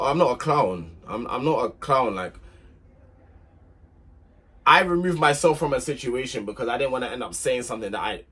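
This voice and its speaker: Husky young guy venting a relationship story, emphatic, keeps repeating himself. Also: medium pitch, fairly bright tone. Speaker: vlogger. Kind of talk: heated storytime rant to camera.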